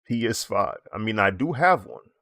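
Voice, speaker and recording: Low-voiced man chatting while he draws. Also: moderate pace, dry recording, clean studio sound. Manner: relaxed, rambling, laughs often. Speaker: streaming digital artist. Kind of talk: casual chat while drawing on stream.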